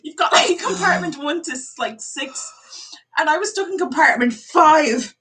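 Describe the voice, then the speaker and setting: An Irish woman vlogger tells stories to family in casual chat, animatedly acting out what people said and laughing often. Her voice is high-pitched, bright and expressive, with a forceful tone and an unhurried pace.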